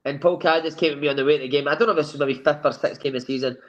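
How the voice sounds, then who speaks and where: A man with a Scottish accent, a guest telling lively anecdotes and acting out the dialogue in a sofa chat. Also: a little high, racing, muffled recording. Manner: lively storyteller who acts out quoted dialogue. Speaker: former footballer guest.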